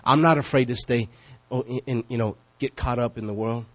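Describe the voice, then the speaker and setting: A man preaching a sermon as pastor, conversational and questioning, swinging between loud calls and hushed asides. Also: medium pitch, fairly even intonation, a little fast. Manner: conversational, asks the congregation questions.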